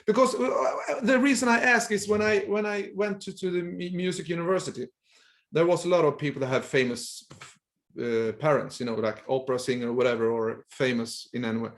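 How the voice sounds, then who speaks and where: A man from Sweden, interviewing a guest in casual talk, often restarting his words. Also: a little high. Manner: halting, restarts mid-word. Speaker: interviewer, host. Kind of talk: casual conversation.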